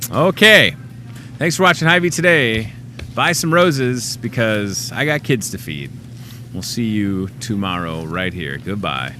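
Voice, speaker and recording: A man's voice: fairly low pitch, expressive, measured pace, music in the background. A man hosting a local TV show in casual on-air chat, chatty and joking at his own expense. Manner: chatty, joking, self-mocking.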